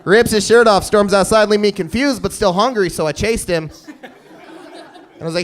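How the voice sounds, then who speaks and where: A man in his thirties doing a stand-up comedy set, telling stories deadpan with sudden loud bursts. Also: high-pitched, moderate pace, pauses often. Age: 30s. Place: comedy stage before a live audience.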